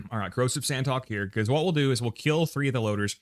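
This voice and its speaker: A man's voice: mid-range voice, fast talker. A man with an American accent casually talking to himself and reading chat while setting up a game loadout on a livestream. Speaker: streamer.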